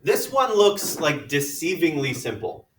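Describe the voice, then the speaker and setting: Chatty math teacher in an echoey classroom. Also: male voice, on the high side, big pitch swings, measured pace, recorded from a distance, a little hiss or hum. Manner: chatty, jokey, thinks aloud while working problems. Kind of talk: classroom lecture.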